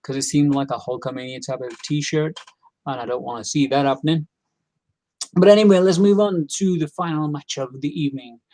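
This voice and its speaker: A man's voice: fairly high pitch, fairly quick, mellow. A tired man giving a rambling, opinionated casual recap as host, full of fillers and restarts.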